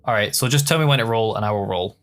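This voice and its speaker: A young man with a Scottish accent talks in a loose, unguarded podcast chat. His voice sits on the low side, and he fills gaps with "um" and breaks into easy laughter. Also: quick pace, fairly bright tone, a little hiss or hum. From Scotland. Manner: candid, laughs often, many fillers. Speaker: podcast host being interviewed. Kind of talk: casual chat.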